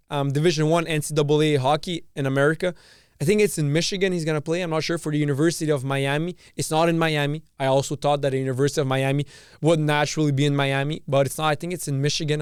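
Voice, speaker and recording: A man from Canada hosts a podcast as a casual, profane rant, often repeating and restarting his phrases. His voice sits a little high and sounds smooth and clear. The recording is dry and close. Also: dry recording. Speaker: podcast host. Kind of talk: casual opinion monologue.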